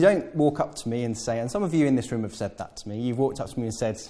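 A man delivers a sermon with a mellow, warm tone at a middle pitch. He talks conversationally, correcting himself as he goes and slipping in playful, acted-out asides for his congregation. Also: expressive, brisk, hardly any pauses. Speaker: preacher. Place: church hall with congregation.

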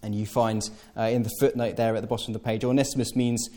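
A man's voice: lowish voice, flat delivery, fast, mellow. A man preaching a sermon to a congregation, talking in a conversational way with playful asides and self-corrections. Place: church hall with congregation.

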